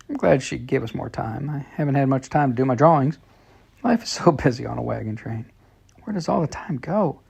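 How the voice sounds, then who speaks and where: A man's voice: medium pitch, animated, a little fast, gravelly, a little mellow, breathy edge. A man reading a children's story told in letters, in plain, friendly storytelling. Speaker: storybook reader.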